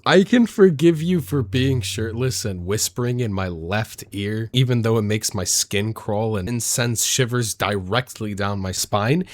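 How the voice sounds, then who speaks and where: Animated joking man reacting to clips. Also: on the low side, no echo, studio quality. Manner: mock-outraged, joking, animated. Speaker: reaction commentator. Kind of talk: comedic reaction commentary.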